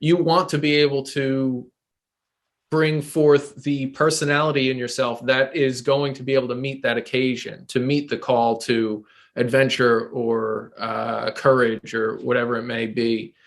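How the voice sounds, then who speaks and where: Male co-host, mid-pitched, thinks aloud with ums and restarts. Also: level tone, a little slow, creaky. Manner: searching, filler-heavy explaining. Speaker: podcast co-host. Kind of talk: casual chat.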